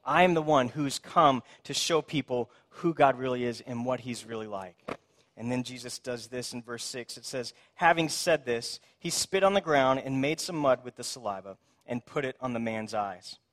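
A man preaching a sermon, telling the scripture story in a conversational, animated way and acting out the people in it. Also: mid-range voice, normal speed. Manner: conversational, asks "right?".

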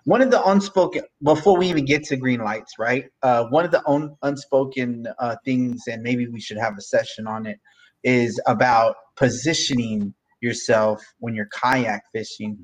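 A man's voice: medium pitch, poor audio. A man co-hosting a podcast, chatting casually in a joking, easygoing and rambling way. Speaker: podcast co-host. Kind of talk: casual chat.

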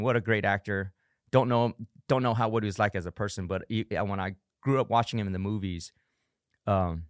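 Recorded cleanly in a studio with no room sound, this fairly low-pitched man hosts his own motivational podcast. The middle-aged coach and parent talks earnestly, breaking into emphatic bursts that act out harsh self-talk.

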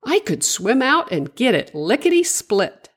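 A woman doing an excitable young male storybook creature. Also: normal speed, breathy edge. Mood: pleading. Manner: high, excited, shouting greetings. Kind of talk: storybook voice acting.

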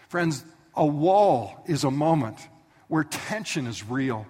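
A man's voice: a little high, expressive, takes it slowly, darkish tone, husky. A man preaching a sermon who tells the story vividly and speaks directly to the congregation. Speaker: pastor. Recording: echoey hall from some distance.

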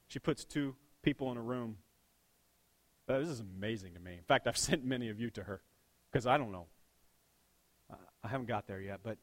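A man preaching a sermon to his congregation, joking one moment and dropping to a near hush the next. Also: mid-range voice. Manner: swings between punchy loud lines and hushed intimate ones. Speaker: pastor.

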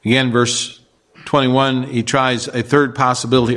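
A pastor preaching a sermon, explaining scripture with rhetorical questions and occasional fillers. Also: male voice, medium pitch, steady tone, moderate pace, fairly bright tone. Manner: expository preaching with rhetorical questions and acted quotes; frequent fillers and restarts.

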